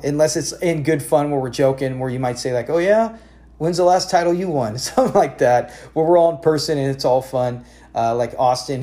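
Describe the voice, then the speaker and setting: A man in his forties hosting a casual fantasy football talk show, telling stories in an animated way with lots of self-corrections. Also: mid-range voice. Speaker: podcast host.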